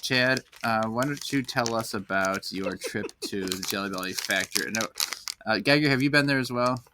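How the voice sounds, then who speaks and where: A man's voice: lowish voice, normal speed, background noise. A man hosting a casual podcast. He steers the talk and reads product packaging aloud. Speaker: podcast host. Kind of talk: casual podcast chat, reading labels.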